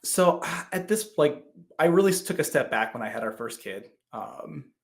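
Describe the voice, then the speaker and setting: A man's voice: fairly high pitch, moderate pace, vocal fry. A man in his thirties, a podcast guest, chatting casually and acting out his own quoted lines as he tells stories. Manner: animated storytelling, acts out quoted lines. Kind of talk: casual interview chat.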